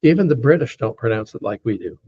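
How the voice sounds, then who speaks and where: A man teaching a class, patiently saying words slowly and repeating them, with many fillers, over an online call. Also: medium pitch, expressive, warm tone, slightly rough. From United States. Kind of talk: lecture teaching pronunciation. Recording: dull lo-fi call audio.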